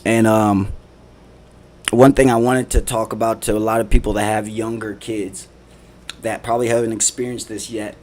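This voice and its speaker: A man's voice: fairly low pitch, flat delivery, moderate pace, a little mellow. A man and father of three talking casually on a livestream, rambling, repeating himself, swearing and laughing. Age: adult father. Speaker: live streamer.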